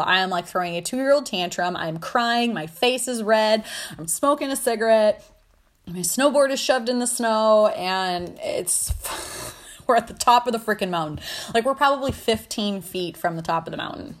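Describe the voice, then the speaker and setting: Animated woman swearing through a story. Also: mid-range voice, moderate pace. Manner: animated, swearing freely, laughing often. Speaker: podcast host. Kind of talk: casual storytelling.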